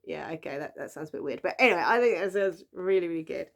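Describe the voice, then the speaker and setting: A woman's voice: lowish voice, expressive, fast. A young woman chatting casually about books she bought, rambling with plenty of fillers. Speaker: book vlogger. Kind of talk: casual book haul chat.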